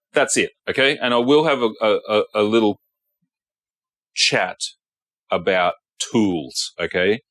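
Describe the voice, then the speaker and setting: A man's voice: on the low side, fairly bright tone, no echo. A man, a guitar technician, giving a blunt workshop tutorial and often checking in with "okay". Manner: blunt, repeats himself, says okay often.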